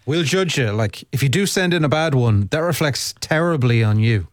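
A man's voice: medium pitch, expressive, normal speed, no echo. A man co-hosting a radio show, dropping dry, wry asides in casual chat. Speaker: radio co-host. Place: radio studio.

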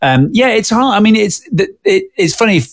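A man's voice: sits high, very animated, brisk, no room sound, studio quality. An English man, a TV writer-director, chatting as an interview guest, with many restarts and fillers. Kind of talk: casual interview chat.

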